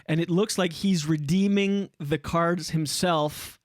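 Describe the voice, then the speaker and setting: A man's voice: on the high side, fairly even intonation, slow, no echo. A man hosting a casual podcast, telling stories animatedly and swearing freely on a studio mic. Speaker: podcast host.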